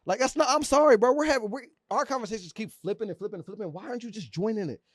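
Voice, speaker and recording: A man's voice: sits high, rapid-fire. A young man co-hosting a podcast, talking in heated, argumentative bursts and repeating himself to make his point. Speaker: podcast co-host. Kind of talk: casual chat.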